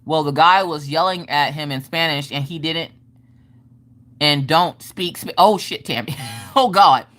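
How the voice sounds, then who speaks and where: A woman hosting a casual livestream, telling animated stories from home, swearing casually and laughing often. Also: deep voice, a little slow, soft background music. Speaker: livestream host. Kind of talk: casual chat storytelling.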